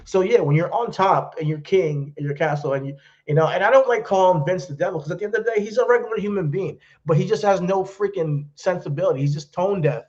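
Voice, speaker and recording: A man's voice: sits high, fast talker, a little mellow, highs cut off. A man co-hosting a podcast in casual chat, ranting bluntly and swearing freely. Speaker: podcast co-host.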